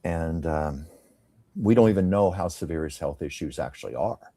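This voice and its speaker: A man's voice: low-pitched, expressive, moderate pace. A man hosting a casual tarot reading chat, conversational and musing. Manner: conversational, musing, drops to soft tones. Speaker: psychic tarot reader, host.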